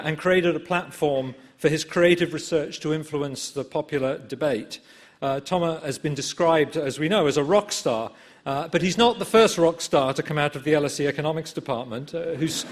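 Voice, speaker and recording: A middle-aged man introducing a guest speaker as chair, with frequent fillers. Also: fairly high pitch. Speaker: event chair. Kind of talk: formal introduction. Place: large lecture theatre.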